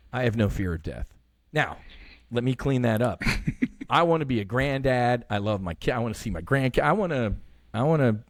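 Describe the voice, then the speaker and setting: A man's voice: medium pitch, a little mellow, dry recording. Middle-aged man, earnest podcast guest, plain mid voice, acts out dialogue, dry close mic. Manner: earnest, swears freely, reenacts dialogue. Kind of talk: casual interview talk.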